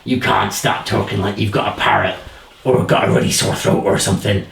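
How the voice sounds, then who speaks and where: A man, a hypnotist giving playful suggestions and slow countdowns. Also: fairly low pitch, fairly even intonation, vocal fry, a bit bright. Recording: roomy echo.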